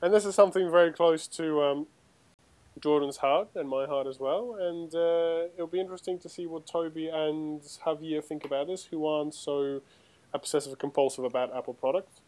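A man's voice: fairly high pitch, fairly even intonation, moderate pace, darkish tone. A man hosting a casual gaming podcast, teasing his co-hosts and steering the talk along. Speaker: podcast host.

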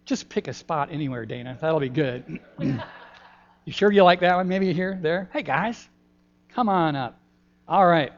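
An older man, a pastor giving a gentle, folksy children's sermon in a church, pausing often with ums. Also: fairly high pitch, lively intonation. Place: church sanctuary. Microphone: handheld microphone. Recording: dull lo-fi church recording.

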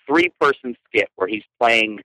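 Animated man telling photo stories. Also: mid-range voice, unhurried, no echo, poor audio. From Canada. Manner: animated, playful, frequent laughter. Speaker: guest photographer. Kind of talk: storytelling podcast interview.

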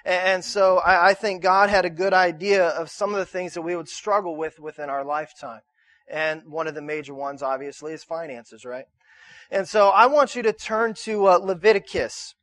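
A man's voice: sits high, moderate pace, a bit bright, dry recording. A man preaching as pastor, talking in a conversational way, asking the congregation to answer back and often repeating words as he restarts. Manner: conversational preaching with call-and-response questions. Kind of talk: sermon.

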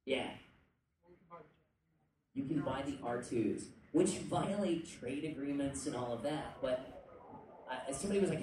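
A man talking casually to a convention panel audience, rambling with jokey asides and quick tangents. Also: mid-range voice, expressive. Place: indoor convention panel room. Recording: echoey room, distant mic, faint noise.

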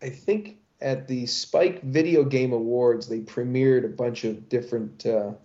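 A man's voice: medium pitch, measured pace, dark tone. A middle-aged man, a voice actor, chatting in an interview in a rambling, playful way and often restarting his sentences. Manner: rambling, self-correcting, playful. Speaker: voice actor guest. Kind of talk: casual interview chat. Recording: dull lo-fi sound.

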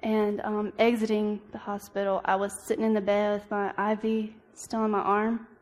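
A young woman giving an earnest personal testimony as a church devotional, halting often with ums and restarts. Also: mid-range voice, monotone, darkish tone. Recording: long reverb of a hall.

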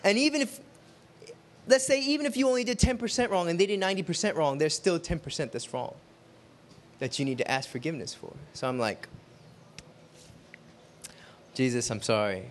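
A man preaching to a group, telling a personal story in a conversational, animated way and acting out the quotes. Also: sits high, fast, slight background noise. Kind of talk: sermon with storytelling.

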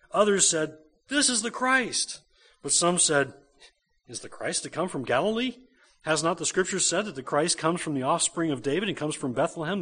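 A man's voice: fairly high pitch, a bit bright, husky. A man, a pastor, preaching a conversational sermon to a church congregation.

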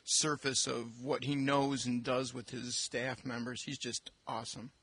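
A man's voice: mid-range voice, flat delivery, measured pace, a bit bright, husky. A man co-hosting an education podcast, talking casually and chattily with plenty of ums. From Michigan, US. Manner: chatty, self-deprecating, fillers. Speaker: podcast co-host, school administrator. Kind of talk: casual chat. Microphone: desk microphone.

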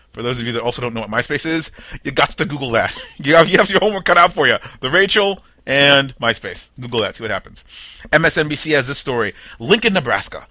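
Animated, bright-voiced man joking through news. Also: a little high, no echo. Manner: wry, jokey asides while reading headlines; mock-dramatic voices for imagined people. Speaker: podcast host. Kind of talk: comedic news roundup.

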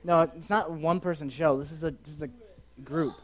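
A man hosting a podcast for a live group talks at a quick pace in a somewhat high, steady voice. He keeps things casual, joking around, repeating himself, and nudging listeners to join in.

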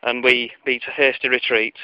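A man's voice: mid-range voice, level tone, normal speed, no room sound. A man telling a comic story from his childhood in a wry, digressive, self-mocking way, on a lo-fi recording.

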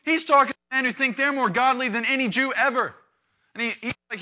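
A man preaching to a youth group in a lively, conversational way, acting out the quotes he reads with big swings in volume. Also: very high-pitched, fairly quick. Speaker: youth pastor.

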